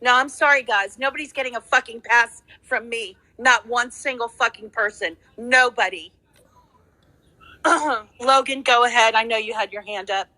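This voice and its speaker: A woman leads a heated call-in talk, her bright, fairly high voice charged with anger. She repeats points for emphasis and swears freely. The sound is dry and close. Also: moderate pace, no room sound, poor audio. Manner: angry, swearing, emphatic repetition. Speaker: host of a call-in space.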